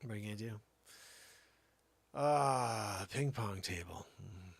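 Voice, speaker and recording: Male comedy host, gravelly, animated pitch, rambling tall-tale monologue. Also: slow pace, slight background noise. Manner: animated storytelling, swinging between shouts and mutters.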